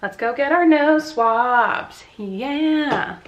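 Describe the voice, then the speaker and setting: Here the same kind of upbeat, rambling vlog comes from a young law student in her twenties as she moves between her car and campus. Her voice sits high with lively intonation, but she speaks extremely slowly and the highs are cut off.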